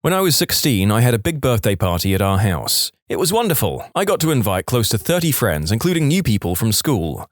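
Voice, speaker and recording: A man reading submitted stories aloud in an animated storytelling manner on a close studio mic. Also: mid-range voice, brisk, few pauses, dry recording. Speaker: story narrator.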